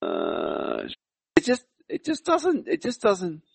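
Lively, gravelly man chatting on radio. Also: a little high, no echo. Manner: rambling, halting, lively. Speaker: radio show co-host. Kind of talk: casual radio chat.

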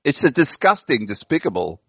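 A man's voice: mid-range voice, sing-song, brisk, gravelly, breathy edge, no room sound. A man co-hosting a podcast, rambling and indignant in casual chat, with plenty of fillers and restarts. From Australia. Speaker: podcast co-host.

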